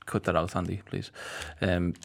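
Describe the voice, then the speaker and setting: A man's voice: deep voice, level tone, moderate pace, gravelly. A man hosting a casual interview, asking rambling questions and teasing his guest. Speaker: podcast host.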